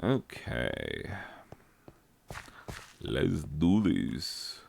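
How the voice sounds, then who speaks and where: A man's voice: very deep voice, slow, vocal fry, a little hiss or hum. An American man hosting a gaming channel, rambling and joking with many fillers while he plays. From United States. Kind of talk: rambling commentary while playing a video game.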